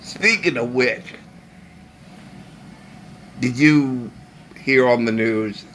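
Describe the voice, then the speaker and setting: A man speaking alone to the camera, ranting in a casual monologue with slow emphasis and long pauses. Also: medium pitch, fairly bright tone, a little hiss or hum. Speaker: vlogger.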